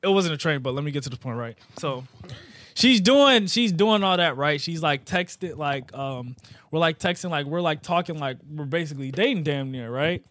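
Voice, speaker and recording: A young man telling a story in casual podcast chat, animated and full of slang, getting loud when indignant. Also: a little high, normal speed, no echo. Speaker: podcast co-host.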